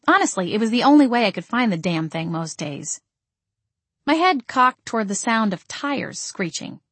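A woman reading a first-person audiobook in a steady, expressive storytelling voice. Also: medium pitch, dry recording. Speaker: audiobook narrator.

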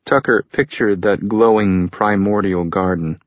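Male audiobook narrator, steady delivery, husky, dry close sound. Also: lowish voice, a little slow, dry recording. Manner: steady, even storytelling. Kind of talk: scripted narration. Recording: dull lo-fi recording.

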